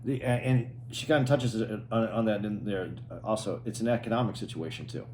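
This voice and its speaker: Low-voiced earnest podcast co-host. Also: male voice, a little mellow, slight background noise. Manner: thoughtful, halting, earnest. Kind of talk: casual podcast chat.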